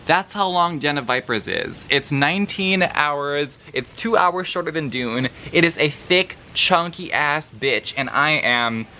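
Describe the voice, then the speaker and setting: Bright-voiced, profane book vlogger guy. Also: on the high side, expressive, unhurried, few pauses, a little hiss or hum. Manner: profane, dramatic and sarcastic; laughs often between remarks. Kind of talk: casual vlog review.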